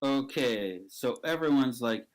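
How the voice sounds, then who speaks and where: A man improvising a comic story, jumping into high, squeaky character voices as he narrates. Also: expressive, unhurried, rough recording.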